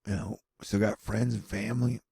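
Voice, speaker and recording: A man's voice: on the low side, steady tone, normal speed, vocal fry, mellow, breathy edge, dry recording. A man giving casual, rambling news commentary with sardonic, self-mocking asides.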